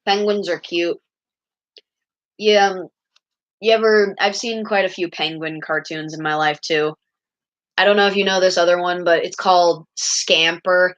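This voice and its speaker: A woman's voice: fairly low pitch, steady tone, a little slow, a bit bright, dull audio. A young woman chatting casually and rambling while she draws a comic. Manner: rambling, chatty, self-deprecating. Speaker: artist vlogger. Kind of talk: casual chat while drawing.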